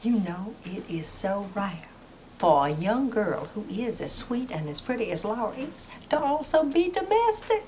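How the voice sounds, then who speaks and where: A woman's voice: mid-range voice, sing-song, measured pace, warm tone, a little hiss or hum, low-quality recording. A gushing Southern mother. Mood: wistful. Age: middle-aged.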